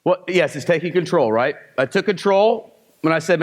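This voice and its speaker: A male sales trainer working a live seminar crowd. He keeps firing rhetorical questions and then answers them with short, punchy commands. His voice sits a little high for a man. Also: brisk.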